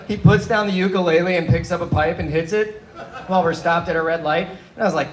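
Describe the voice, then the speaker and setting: Young male stand-up, fairly high voice, loose and animated storyteller, echoey live room. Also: quick pace. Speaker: stand-up comedian. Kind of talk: open mic stand-up set. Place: small bar and coffee venue.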